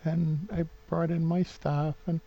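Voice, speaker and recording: A man's voice: a little high, level tone, measured pace, gravelly, highs cut off. A man in his fifties with a New England accent rambles sentimentally through a home vlog, full of fillers and restarts. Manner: sentimental, gets openly emotional. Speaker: vlogger.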